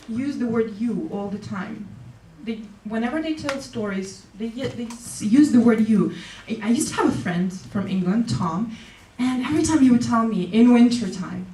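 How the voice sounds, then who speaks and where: A woman gives an animated keynote speech in a conference hall, laughing easily between points. Her voice sits a little high. She is heard from some distance across an echoey room. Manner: lively, laughs often, acts out quoted people. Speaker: keynote speaker. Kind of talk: motivational public speech.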